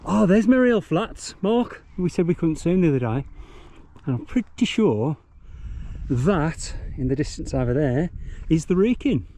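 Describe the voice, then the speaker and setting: A man's voice: a little high, sing-song, normal speed, mellow. Chatty man on a bike ride. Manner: chatty, meandering, self-deprecating. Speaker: vlogger reviewing a mountain bike. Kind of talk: rambling ride commentary. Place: outdoors on countryside trails.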